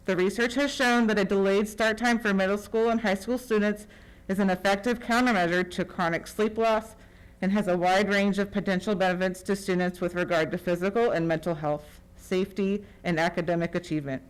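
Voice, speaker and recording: Student reading a formal statement, smooth voice. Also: medium pitch, brisk, rough recording. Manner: formal, steady, reads citations. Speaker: student speaker at school board meeting.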